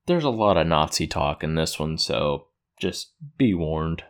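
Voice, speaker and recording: A man's voice: rumbling low, lively intonation, unhurried, clean tone. A man casually recapping episodes of a show, rambling, correcting himself and chuckling as he goes. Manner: rambling, self-correcting, chuckles at own retelling.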